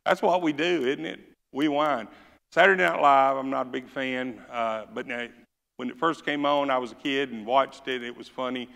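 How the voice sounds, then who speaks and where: Southern pastor, gravelly, folksy sermon delivery, church hall reverb. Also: male voice, medium pitch, steady tone, normal speed, a bit bright. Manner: folksy, joking, reads scripture with rising force. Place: church sanctuary.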